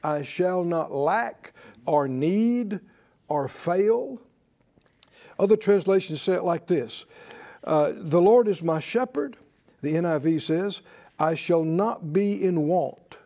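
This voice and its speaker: A man's voice: high voice, takes it slowly, mellow. A man preaching a sermon to a congregation, emphatic and leading them in call-and-response. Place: church service with congregation.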